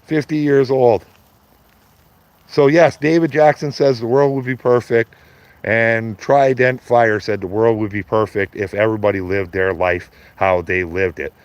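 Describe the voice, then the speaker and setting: A Canadian man in his fifties rants on a live stream, blunt and profane, mocking his critics and laughing at his own jokes. His mid-range voice has fairly even intonation and an unhurried pace. The stream audio is slightly dull and lo-fi, with no echo.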